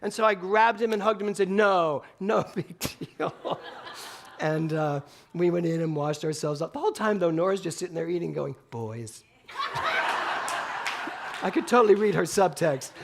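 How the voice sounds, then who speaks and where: A male minister giving a Sunday talk in a spiritual center, telling an animated story with bursts of laughter. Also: sits high, a little fast, gravelly, background noise. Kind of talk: sermon storytelling.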